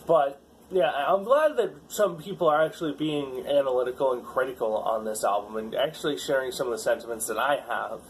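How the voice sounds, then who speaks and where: A man's voice: mid-range voice, animated, a little fast, hardly any pauses, a little hiss or hum, poor audio. A man giving a casual spoken review of a metal song, hesitant and full of fillers and restarts, bluntly critical.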